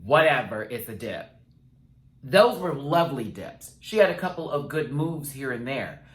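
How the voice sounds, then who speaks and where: A man rants through a reality TV recap in a sassy, chatty way, talking in a mid-pitched voice. He rambles off on tangents and knows it. His voice rings with a roomy echo. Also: lively intonation, moderate pace. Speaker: reality TV reviewer. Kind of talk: casual recap rant.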